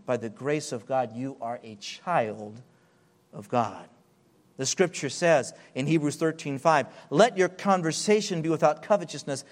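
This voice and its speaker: Preaching man swinging from hush to loud. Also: on the high side. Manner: wide swings from hushed, drawn-out phrases to loud emphatic build-ups; slows and stretches key words for emphasis. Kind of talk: sermon.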